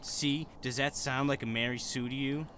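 A man's voice: mid-range voice, steady tone, normal speed, a bit bright, slight background noise. A man co-hosting a comedy podcast who reads fan fiction aloud with a wry, mocking tone and explains the jokes. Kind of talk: mocking reading aloud and banter.

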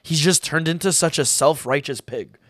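Young guy podcast cohost, kinda high voice, dry close mic, rambly and sweary. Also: moderate pace, no room sound. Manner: animated, swears freely, rambling restarts. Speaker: podcast co-host. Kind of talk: casual football chat.

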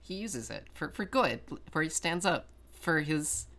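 Casting: woman guest with a very deep voice, halting and chatty. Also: animated, a bit bright. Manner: halting, repeats words while recounting. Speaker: podcast guest. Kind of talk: casual chat.

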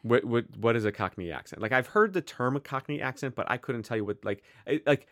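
A man's voice: mid-range voice, a little fast, no echo, clean studio sound. An American man co-hosting a podcast in casual chat, joking and cutting himself off. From United States. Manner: animated, self-interrupting, joking. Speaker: podcast co-host.

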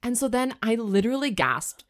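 A young woman co-hosts a podcast in a fairly high voice at a moderate pace. She chats casually, giggling often and telling stories with animated energy.

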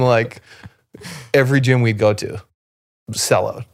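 Gravelly-voiced man telling relaxed stories. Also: medium pitch, measured pace, long pauses, dry recording, studio quality. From Canada. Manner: rambling, relaxed storyteller, many "like" fillers and restarts. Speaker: podcast guest, former basketball player. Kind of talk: casual storytelling conversation.

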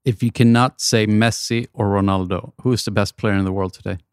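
A podcast host with a low, smooth and resonant voice asks a guest quick questions. His delivery is brisk, and the sound is close and dry. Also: steady tone, no echo. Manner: brisk, rapid-fire questioning. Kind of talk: interview questions.

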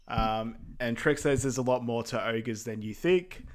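A man's voice: medium pitch, a little slow. Easygoing man summarizing a plot. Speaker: podcast co-host. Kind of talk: casual film recap chat.

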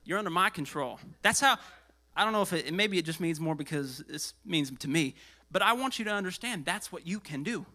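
A pastor preaching a sermon in an animated way, swinging between loud passages and hushed asides, and getting out of breath. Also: male voice, high voice, fairly quick.

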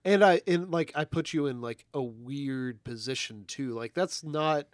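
A young man co-hosting a casual podcast chat, making wry, deadpan jokes. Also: on the high side, unhurried, no room sound. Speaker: podcast co-host.

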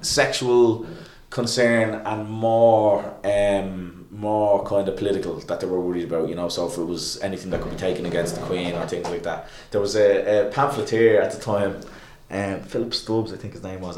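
A man's voice: deep voice, darkish tone, slight background noise. A man chatting casually, rambling with lots of restarts and fillers. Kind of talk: casual chat. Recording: echoey room.

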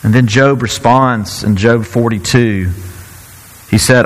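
A man's voice: mid-range voice, takes it slowly. Man preaching in a reverberant hall. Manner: conversational preaching with many restarts. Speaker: pastor. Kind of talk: sermon.

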